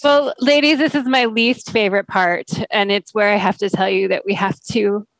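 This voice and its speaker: A woman's voice: medium pitch, steady tone, moderate pace, no echo, low-quality recording. A woman podcast host wrapping up an interview in a friendly, upbeat way. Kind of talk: interview wrap-up.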